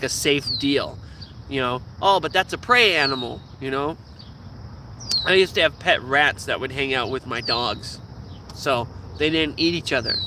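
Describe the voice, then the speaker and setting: Man, casual vlog rant, profane and animated, fairly high voice, loud outdoor noise behind. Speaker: vlogger.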